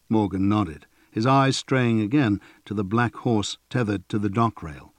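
A man reading a fantasy audiobook in an even, measured way. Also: lowish voice, dry recording. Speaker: narrator. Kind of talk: audiobook narration.

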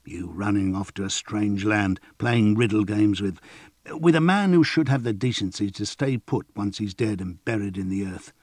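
A man doing a gruff, scolding old retainer. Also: fairly low pitch, moderate pace, darkish tone, no room sound, clean studio sound, close to an everyday voice. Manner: scolding, grumbling. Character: gruff older man, stern disapproving retainer.

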